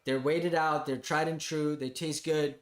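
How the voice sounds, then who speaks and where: A man's voice: on the high side, fairly even intonation, a little slow, roomy sound. A man co-hosting a casual chat, speaking loosely with many fillers. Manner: loose, filler-heavy, agreeable.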